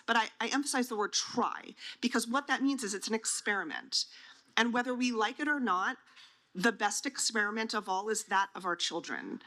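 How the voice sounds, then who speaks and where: A woman's voice: fairly high pitch, normal speed, sharp tone. A woman on a conference panel, explaining drug trials to families in a plain, teacherly way, asking and answering her own questions.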